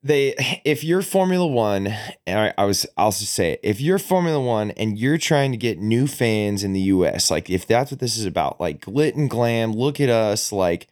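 A man's voice: lowish voice, lively intonation, normal speed, hardly any pauses, a little mellow. A man co-hosting a casual podcast, blunt and slangy. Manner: blunt, slangy, says "dude" a lot. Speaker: podcast co-host. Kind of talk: casual chat.

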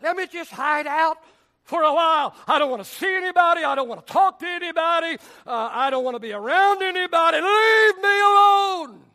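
A sulking, self-pitying prophet, as a preacher puts him on, whining slowly that he deserves better and wants to be left alone. The voice sits high and bright for a man, with stretched, pleading words. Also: animated, exaggerated voice. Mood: whiny.

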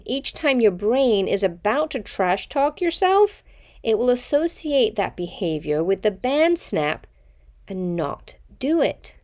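A woman hosting a self-help podcast, talking in an upbeat, encouraging way and laughing often. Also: medium pitch. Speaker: podcast host.

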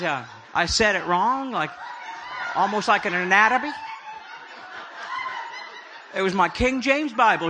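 A man's voice: sits high, noisy background. A middle-aged man preaching a humorous sermon, telling stories with jokey, self-deprecating asides. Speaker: prophetic speaker.

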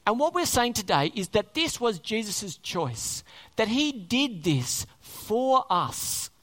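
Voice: medium pitch, very animated, slow pace, a bit bright. A preacher delivering a sermon, speaking emphatically, repeating key words and asking many rhetorical questions.

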